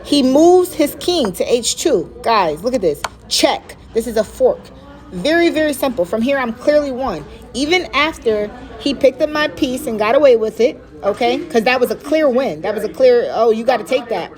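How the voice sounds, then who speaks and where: A woman talking casually through one of her own chess games, excited and repeating herself for emphasis. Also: on the high side, moderate pace. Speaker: chess player. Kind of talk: casual chess vlog commentary.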